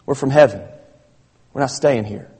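A man's voice: mid-range voice, normal speed, mellow, slightly rough. A man preaching a sermon to his congregation, his emphasis building as he addresses them directly. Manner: preaching with rising emphasis, calls the congregation "church". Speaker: pastor. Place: church sanctuary. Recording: long church reverb.

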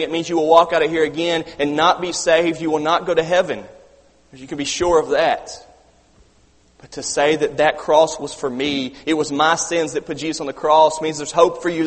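A man delivers an impassioned sermon in a fairly high voice. He moves between scripture reading and urgent commentary, sometimes loud and sometimes hushed. His voice carries a long reverb, as if he is in a church sanctuary. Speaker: preacher.

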